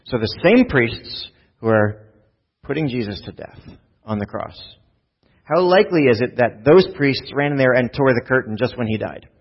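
A man's voice: mid-range voice, lively intonation, moderate pace, slightly rough, highs cut off. A man giving a sermon as a pastor, talking in a casual, conversational way and putting questions to the congregation.

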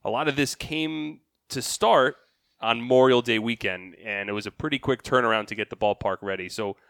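A man's voice: mid-range voice, normal speed, fairly bright tone, no echo, clean studio sound. A man hosting a podcast, friendly and leading with questions. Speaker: podcast host. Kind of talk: casual interview.

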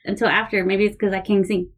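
A woman's voice: mid-range voice, level tone, brisk. A woman hosting a podcast from a small studio in casual chat, teasing her co-host and laughing readily.

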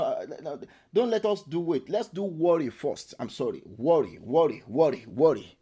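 A man leading a prayer meeting sermon, emphatic and repetitive, swinging between soft and loud, at times speaking in tongues. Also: on the high side, breathy edge. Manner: speaks in tongues while praying. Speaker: prayer leader.

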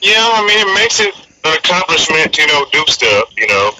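A man's voice: a little high, very animated, fairly quick, pushed and bright, slight background noise, rough recording. A man co-hosting a casual chat, mostly chiming in with short reactions. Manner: brief reactive replies. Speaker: podcast co-host.

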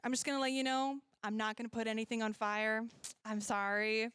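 A woman leads a relaxed Bible lesson for children in a church classroom, chatting and laughing as she catches her own slips. Her voice sits fairly high and comes across smooth and clear. The sound is dry and close. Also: a little fast, no echo. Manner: chatty, laughs often, self-correcting. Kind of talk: casual Bible lesson with props.

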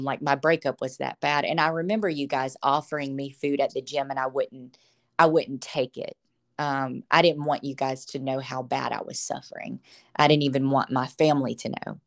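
Podcast guest: woman with a deep voice, earnest and heartfelt, laughs easily while she tells her story. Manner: earnest, emotional, laughs often. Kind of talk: casual faith testimony.

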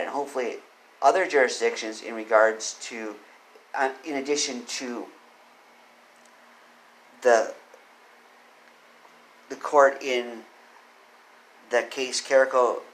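A man's voice: mid-range voice, fairly bright tone, low-quality recording. A man reading out legal code and giving his opinions, often putting questions to the listener. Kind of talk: solo commentary with read-out legal text.

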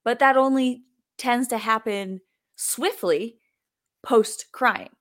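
A woman's voice: fairly high pitch, slow, a bit bright. A woman hosts a podcast conversation in a slightly raised voice. She talks casually and relatably, leaning on filler words as she thinks aloud. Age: adult with children.

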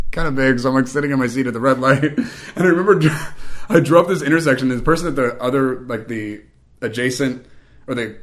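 Fast-talking young man telling a story. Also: medium pitch. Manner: chatty, lots of "like" and "um", self-mocking humor. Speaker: podcast host telling a personal story. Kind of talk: casual storytelling monologue.

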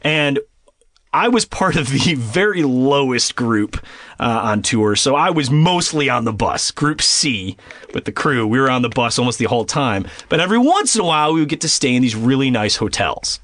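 Animated man telling a wild story. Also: medium pitch, moderate pace, dry recording. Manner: animated, swears a lot, restarts phrases. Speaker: podcast guest. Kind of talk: casual storytelling.

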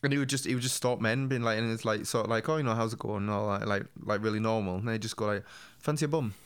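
A young man in a relaxed chat. He laughs through his own anecdotes, swears casually and slips into the voices of the people he quotes. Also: lowish voice, very fast, clean tone. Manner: laughing storyteller, acts out quotes, swears freely.

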